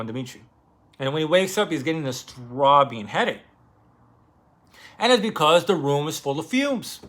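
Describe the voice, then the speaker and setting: A man casually retelling a novel on his vlog, loose and animated, with lots of fillers and swearing. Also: medium pitch. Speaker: book vlogger.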